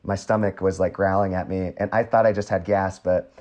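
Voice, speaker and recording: Casting: male interviewer, lowish voice, relaxed and conversational. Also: fairly quick. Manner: easygoing, asks questions and shares short asides. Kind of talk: casual interview chat.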